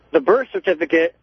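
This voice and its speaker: A man calling in to a radio show over a muffled phone, talking haltingly with many fillers. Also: on the high side, husky, no room sound. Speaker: caller. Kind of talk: call-in radio talk. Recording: muffled cheap phone line.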